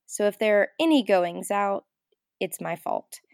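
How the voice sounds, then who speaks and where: A woman's voice: mid-range voice, animated, creaky, no room sound, clean studio sound. An American woman hosting a podcast, playful and joking in casual chat over a remote call. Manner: playful, quick to laugh and joke. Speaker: podcast host. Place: outdoors in a field in Tennessee.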